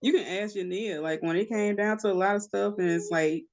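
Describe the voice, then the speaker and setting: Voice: medium pitch, fairly quick, darkish tone, dull audio. A podcast co-host speaking bluntly and expressively in casual chat, acting out their own inner thoughts.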